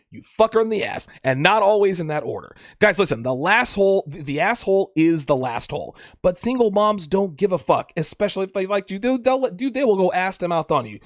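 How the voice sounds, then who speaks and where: A man's voice: a little high, no echo, clean studio sound. A man hosting a dating advice podcast, talking in a blunt, profane, emphatic way and often repeating himself. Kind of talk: crude casual monologue.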